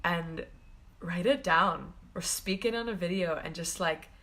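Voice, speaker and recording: Bright, gushing woman on a live stream. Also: on the low side, a little slow. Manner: gushing and affectionate, laughs often; loose and rambling, many fillers. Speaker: spiritual coach. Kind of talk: live-stream talk to viewers.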